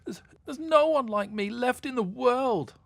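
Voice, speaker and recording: A sulky, demanding young mermaid girl with a lilt, her voice pitched high and whiny as she scorns and sobs, put on by a man reading a storybook. Her tone leaps about wildly. The sound is dry and close. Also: huge pitch swings, normal speed, creaky, husky, no echo, full character voice. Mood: sobbing.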